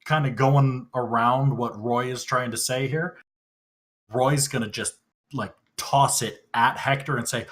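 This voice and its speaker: A man at a tabletop game talks to the others in an emphatic, stern manner. His voice is bright and sits at a middle pitch. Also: steady tone, a little slow. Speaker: player. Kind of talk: tabletop role-play chat.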